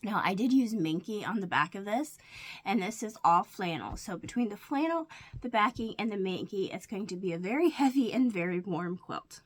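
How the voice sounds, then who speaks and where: A woman's voice: mid-range voice, normal speed. Chatty woman showing her quilting projects. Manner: relaxed, chatty, walks through each project step by step. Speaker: crafting vlogger. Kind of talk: casual show-and-tell narration.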